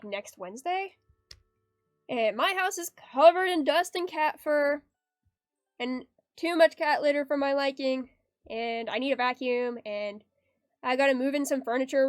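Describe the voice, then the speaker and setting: A bubbly young woman with a high, bright-sounding voice chats casually while she draws on stream. She giggles often and reads her chat aloud. The sound is dry and close, with faint music playing behind her. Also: dry recording. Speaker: art streamer.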